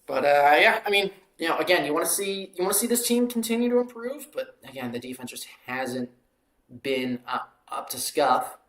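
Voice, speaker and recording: A man's voice: fairly high pitch, expressive, moderate pace, a bit bright, echoey room, poor audio. A man hosting a live watchalong, calling football plays and rambling casually between them with lots of fillers. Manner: rambling, filler-heavy, self-deprecating asides. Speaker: play-by-play watchalong host. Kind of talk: live amateur play-by-play commentary with casual asides.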